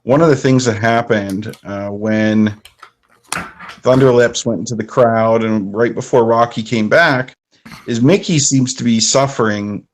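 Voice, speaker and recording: A man co-hosts a live podcast. He retells movie scenes at an easy, conversational pace. His voice has a fairly low pitch that sits at the middle for a man. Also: measured pace, slight background noise. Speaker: podcast co-host.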